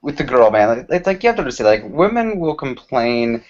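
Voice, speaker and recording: Guy on a podcast getting defensive, pitch jumps around, keeps restarting, muffled audio. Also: big pitch swings, fairly quick. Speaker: panel guest. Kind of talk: casual group chat. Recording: dull lo-fi podcast recording.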